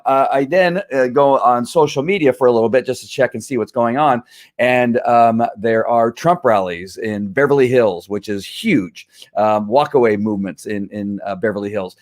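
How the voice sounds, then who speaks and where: A middle-aged man hosting his own show, talking in a rambling, halting way with many fillers and an earnest, emphatic tone. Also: mid-range voice. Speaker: show host. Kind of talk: casual live-stream monologue.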